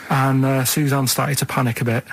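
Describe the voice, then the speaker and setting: A man's voice: mid-range voice, level tone, a little fast, creaky, a little hiss or hum, rough recording. Man, Mancunian accent, hesitant, rambling story, casual radio chat. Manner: hesitant, full of "right?" and "and that". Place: radio studio.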